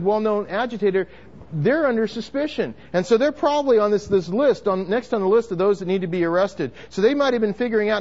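A man's voice: sits high, darkish tone, lo-fi sound. A man preaching a sermon to a congregation, emphatic, with frequent restarts and repeated words. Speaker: pastor.

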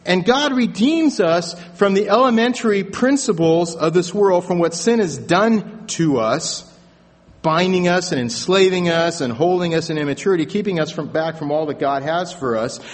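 This pastor's voice is high-pitched with lively intonation at a moderate pace. He tells stories conversationally during his sermon in a church sanctuary, restarting often, picked up by a stage mic through the sound booth with long reverb.

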